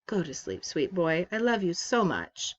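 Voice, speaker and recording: Quiet tender mother, woman reading her part, whispery calm, kinda muffled. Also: on the low side, a little slow. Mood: soothing. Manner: quiet, hushed and soothing. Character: tired, tender mother comforting her son.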